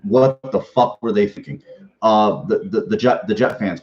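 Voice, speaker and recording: A man's voice: on the low side, normal speed, a little mellow, highs cut off. A man hosting a fan sports podcast in a casual, rambling way, swearing freely and restarting his sentences often. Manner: rambling, profane, with many restarts and fillers.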